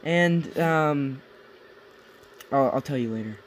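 This young American podcast co-host talks slowly in a medium-pitched voice during a late-night casual chat in a basement at home. Tired and goofy, he rambles and laughs at his own jokes, and the low-quality recording has slight background noise.

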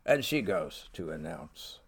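A man's voice: sits low, big pitch swings, takes it slowly, vocal fry, husky. A man giving a conversational literature lecture, wry in tone and reading quoted lines aloud.

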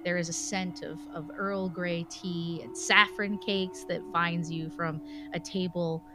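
A woman's voice: lowish voice, flat delivery, measured pace. Woman game master, scene-setting narration, soundtrack behind. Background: music.

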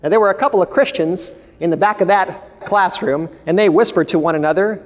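Man, sermon, high-pitched, emphatic, long hall reverb. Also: fairly quick, muffled recording. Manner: storytelling, emphatic and declamatory. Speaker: preacher.

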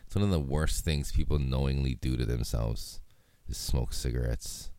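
This solo podcast host is a young Hawaiian man who talks loosely and meanders, cursing nonstop. His very deep, mellow voice moves at a moderate pace, with no echo in the recording.

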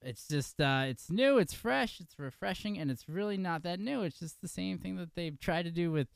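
A man's voice: high voice, expressive, moderate pace, gravelly, smooth, dry recording. A man hosting a podcast in casual chat, loose and joking, laughing often. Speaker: podcast host.

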